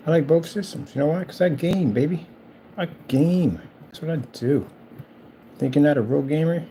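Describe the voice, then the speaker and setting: Gravelly-voiced man taunting on camera. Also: on the high side, moderate pace, mellow, slight background noise. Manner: taunting, rambling and repetitive. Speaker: channel host. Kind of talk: casual trash-talking monologue.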